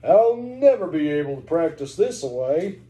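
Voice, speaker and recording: A man's voice: fairly high pitch, big pitch swings, normal speed, mellow, roomy sound, poor audio. A man doing a drawling friendly cowboy. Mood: good-natured.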